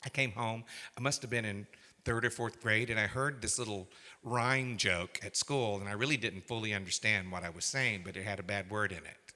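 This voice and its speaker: A male pastor preaching a sermon, swinging from hushed whispers to loud, emphatic bursts. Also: fairly low pitch, steady tone, moderate pace. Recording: reverberant hall.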